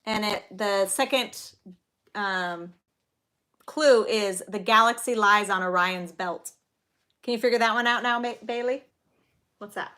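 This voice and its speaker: A woman's voice: mid-range voice, unhurried, long pauses, pushed and bright. A woman in her thirties hosting a casual live-stream trivia game, chatty and giggly, telling little stories between questions. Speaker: livestream trivia host and mother.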